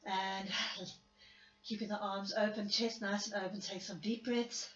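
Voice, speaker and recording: A woman teaching a Pilates class after an illness, giving gentle step-by-step cues with a coughing spell now and then and some self-mocking laughter. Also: mid-range voice, steady tone, measured pace, reverberant, muffled recording, faint music behind. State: recovering from illness, coughing at times. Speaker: Pilates instructor. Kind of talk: guided exercise class cueing.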